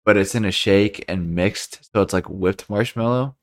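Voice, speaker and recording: Low-voiced young man, playful chatter. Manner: quick, playful, asks lots of questions. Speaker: podcast co-host. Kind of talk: casual chat.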